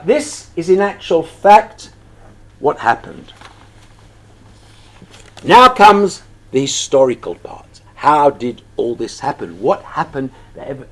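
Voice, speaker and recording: A rabbi with a high voice leads a text study lesson, reading passages aloud and translating them. He poses questions and then answers them himself.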